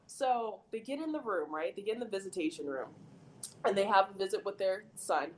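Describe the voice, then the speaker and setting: Animated young woman telling a story. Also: medium pitch, brisk, low-quality recording. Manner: animated, lots of "like", acts out quoted voices. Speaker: podcast guest storyteller. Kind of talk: casual podcast chat.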